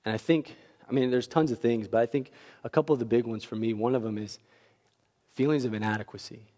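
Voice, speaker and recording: A man preaching a sermon, telling a story with lively swings from quiet asides to near-shouting peaks. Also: medium pitch, fast talker. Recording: long hall reverb.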